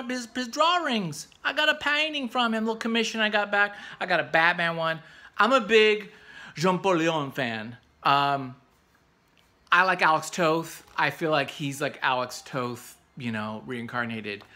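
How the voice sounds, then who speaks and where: A man hosting a comics review channel, talking in a casual, excitable, rambling way with jokey asides. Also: a little high. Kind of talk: casual enthusiastic review vlog.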